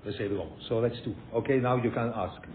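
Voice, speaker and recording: An older man teaching a class as a rabbi, animated, repeating words and mixing in Yiddish and Hebrew terms. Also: fast talker. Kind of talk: lecture with questions from students. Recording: phone-like echoey room with faint rumble.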